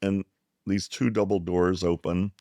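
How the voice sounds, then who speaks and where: Gravelly low-voiced man telling a story. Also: unhurried, no echo, clean studio sound. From South Texas. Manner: animated storyteller who acts out the people he quotes. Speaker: psychiatrist guest. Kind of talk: storytelling in a conversation.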